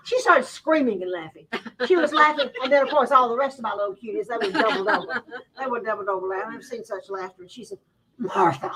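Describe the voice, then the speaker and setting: High and bright, a woman sewing teacher tells stories animatedly to a live audience at a store event, chatting in a folksy Southern way and laughing along. The microphone sits a bit far away.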